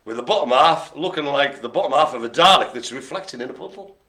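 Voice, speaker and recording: A man's voice: medium pitch, expressive, fast talker, pushed and bright. A man hosting a live online bingo game, rambling and joking as he stumbles over hard names. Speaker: bingo host.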